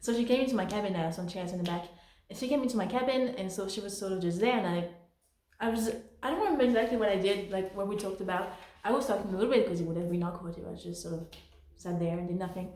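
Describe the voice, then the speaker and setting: A woman's voice: medium pitch, fast talker, a little mellow. Chatty woman in an echoey room. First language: French. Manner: rambling, full of fillers and self-corrections. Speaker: vlogger telling work stories. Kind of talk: casual storytelling.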